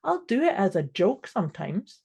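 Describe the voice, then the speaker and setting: A woman's voice: mid-range voice, sing-song, normal speed, gravelly, dark tone, husky. A woman with a Scottish accent, a life coach chatting casually and telling stories on a podcast. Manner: chatty, laughs easily, storytelling.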